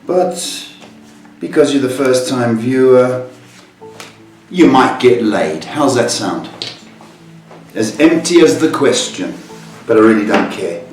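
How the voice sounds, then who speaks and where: Brief: male psychic host, unhurried and cheeky, mic a way off in an echoing room with music under. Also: mid-range voice, animated, a little mellow. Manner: cheeky, teasing banter. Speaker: psychic tarot reader, host. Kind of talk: live call-in reading show. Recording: roomy echo, far from mic, music behind.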